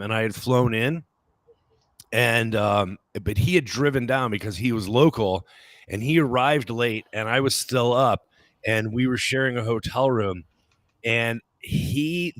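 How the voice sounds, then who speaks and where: A man's voice: mid-range voice, fairly bright tone, no room sound. Middle-aged man telling stories, dry sound. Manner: laughs easily, storytelling. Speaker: podcast co-host. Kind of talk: casual chat.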